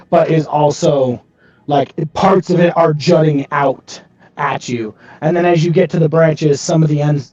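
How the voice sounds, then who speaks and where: A man's voice: a little high, darkish tone, no echo, highs cut off. A man playing in a tabletop game, explaining things in a rambling, hesitant way. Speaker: player. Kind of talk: casual tabletop play.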